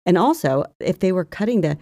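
Woman, podcast host, chatty, low mellow voice, dry close sound. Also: fairly quick, dry recording. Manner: chatty, reads quotes aloud in an even tone. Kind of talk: casual chat and reading a historical diary aloud.

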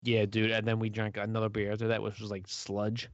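A man's voice: lowish voice, completely flat delivery, a little fast, dry recording, muffled recording. A man co-hosting a casual beer podcast, goofy and giggly. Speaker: podcast co-host.

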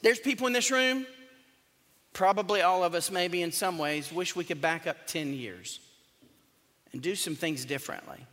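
A man's voice: sits high, normal speed, pushed and bright. A male pastor, preaching a sermon in a conversational, joking and emphatic way. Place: church sanctuary. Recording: long church hall reverb.

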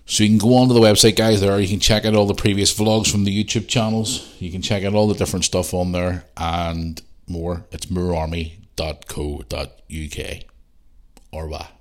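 Deep-voiced Northern Irish man. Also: level tone, normal speed, hardly any pauses. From Northern Ireland. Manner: rambling, chatty, ranting. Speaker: podcast host. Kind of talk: casual solo podcast chat.

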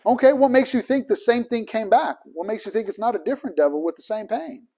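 Ministry trainer, man, high-pitched, emphatic storyteller. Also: animated, fast talker, mellow, breathy edge. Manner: storytelling, acts out both sides of conversations, emphatic. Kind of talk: casual teaching talk.

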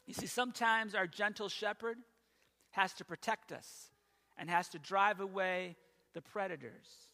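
A man preaching a sermon as pastor, telling stories in an animated way with quick asides. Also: sits high, in a large hall. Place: church sanctuary.

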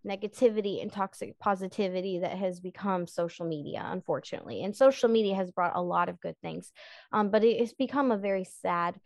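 A woman's voice: mid-range voice, brisk, creaky, a little mellow, no room sound, studio quality. A woman hosting a casual faith-based podcast, introducing her guests in an enthusiastic, gushing way. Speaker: podcast host.

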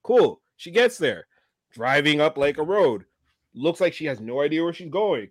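A man co-hosting a podcast, retelling a show in animated casual chat with frequent laughs. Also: a little high, moderate pace, dry recording, studio quality. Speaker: podcast co-host. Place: livestream studio.

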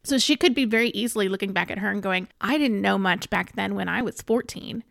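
A woman's voice: medium pitch, brisk, creaky, a bit bright, dry recording, clean studio sound. A woman co-hosting a book podcast in casual chat, teasing and encouraging her co-host.

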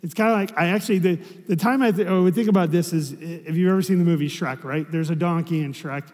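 A man's voice: on the high side, fast, a little mellow, long reverb tail. A man preaching a sermon as a pastor, in a conversational way, often asking rhetorical questions.

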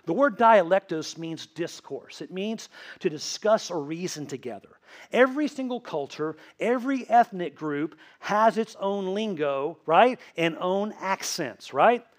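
High-voiced Tennessee pastor preaching. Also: male voice, expressive, a little slow. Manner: asks the congregation questions, answered with "right?". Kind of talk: sermon. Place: church.

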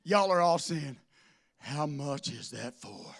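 A man preaching a sermon to a congregation, swinging from loud declarations to soft asides. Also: on the high side, big pitch swings, slow pace, creaky. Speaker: pastor. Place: church with a congregation.

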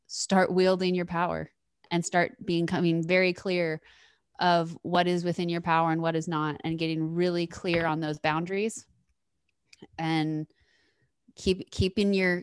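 A woman's voice: lowish voice, clean tone, no room sound, clean studio sound. A woman hosting a podcast in casual chat, talking in an encouraging way and laughing easily. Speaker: podcast host. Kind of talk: casual chat, motivational wrap-up.

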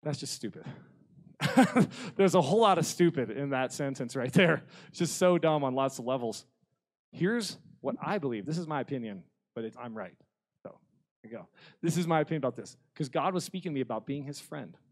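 A man preaching a sermon, blunt and humorous, swinging between loud passages and hushed ones. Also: medium pitch, lively intonation, a little fast. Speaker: pastor.

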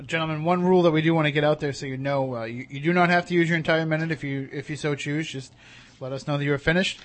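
A man's voice: fairly high pitch, steady tone, quick pace, noisy background. Upbeat man moderating a debate. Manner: friendly, joking timekeeper. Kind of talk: casual podcast moderation.

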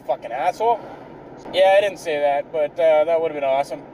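A man's voice: high-pitched, a little fast, warm tone, recorded from a distance, a little hiss or hum, rough recording. A man telling a comic story in a rambling, exasperated way, swearing constantly.

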